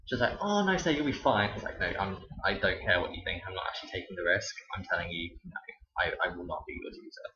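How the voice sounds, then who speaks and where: A man's voice: low voice, quick pace, few pauses, bright, forceful tone. A young man, a teacher, telling stories casually to camera with a dry, sarcastic delivery. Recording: roomy, dull lo-fi sound.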